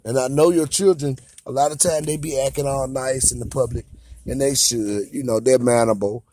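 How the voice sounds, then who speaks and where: A man's voice: mid-range voice, fairly even intonation, moderate pace, warm tone, slight background noise. An American man and father delivering a heated, repetitive, confrontational rant straight to camera. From United States. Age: adult father of a young son. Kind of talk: ranting monologue to camera.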